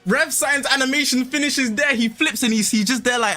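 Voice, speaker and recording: A man's voice: extremely high pitch, brisk, bright, forceful tone. A young man doing casual, slangy live commentary over a mobile game as a streamer. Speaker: gaming streamer. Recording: stream with game music behind.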